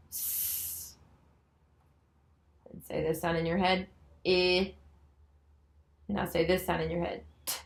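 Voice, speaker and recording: A woman demonstrating a nonverbal reading lesson, slowly and patiently sounding out letters and words. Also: lowish voice, vocal fry, low-quality recording. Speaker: special education student teacher.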